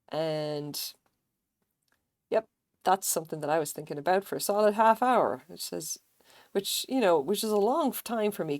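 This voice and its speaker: Woman streamer, low gravelly voice, dry close sound, chatty and salty, talks herself through crochet rows. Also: darkish tone, no echo. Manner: chatty, swears casually, mutters pattern notes to herself. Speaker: crochet livestreamer. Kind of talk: casual live-stream chat while crocheting.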